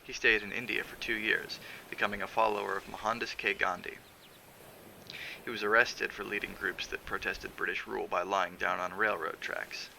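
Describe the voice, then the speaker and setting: A man reading a novel aloud on a stream, in a measured, steady narration with the odd filler. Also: fairly low pitch, creaky, slight background noise, poor audio. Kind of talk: audiobook narration.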